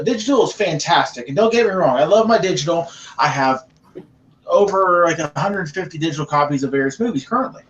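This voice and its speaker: A man's voice: on the high side, expressive, brisk, a bit bright, roomy sound. A man guest on a podcast, emphatic and playfully showy in casual chat. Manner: emphatic, showman-like. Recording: distant lo-fi mic.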